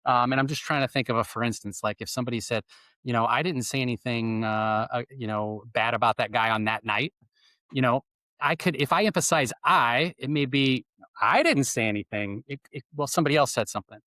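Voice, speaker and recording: A man's voice: mid-range voice, fairly even intonation, a little fast, pushed and bright, dry recording. A man who is a guest on a podcast interview, explaining ideas plainly and using spoken examples. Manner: explanatory, gives examples by stressing words.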